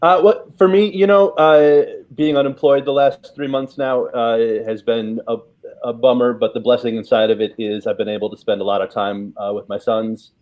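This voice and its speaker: A man with an American accent, reflecting in a relaxed way with many ums and uhs. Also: lowish voice, brisk, dull audio. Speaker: guest improv teacher. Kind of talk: casual reflection.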